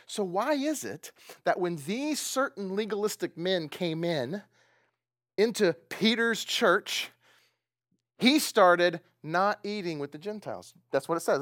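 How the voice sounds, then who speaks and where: Animated, joking male preacher. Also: high voice, dry recording, clean studio sound. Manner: animated, joking, acts out quoted lines. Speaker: pastor. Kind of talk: casual sermon storytelling.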